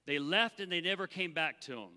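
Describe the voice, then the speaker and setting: Pastor, male, high and very bright voice, animated sermon, church hall reverb. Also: a little fast. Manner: animated, acts out the Bible voices. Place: church sanctuary.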